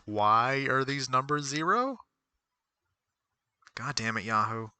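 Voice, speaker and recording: A man streams casual commentary from a desk at home, his voice very bright and clean. The sound is dry and close. He rambles, reads aloud, and talks to himself, often stopping to correct a word. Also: mid-range voice, expressive, slow, clean tone, no echo. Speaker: streamer reviewing stocks.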